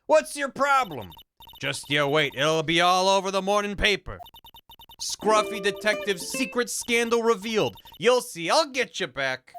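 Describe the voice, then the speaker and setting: A man voicing a brash young female journalist with a put-on Southern US accent, loud and pushy, over game music. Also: high voice, sing-song, a little slow, pitched above the performer's own voice, full character voice. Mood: indignant. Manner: pushy, twangy, big exclamations.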